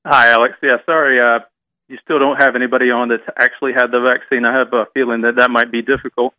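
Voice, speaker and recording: Polite man calling in, bright dry voice. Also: medium pitch, flat delivery, quick pace, no room sound, low-quality recording. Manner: polite, hesitant, with many fillers. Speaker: caller. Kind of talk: call-in radio conversation.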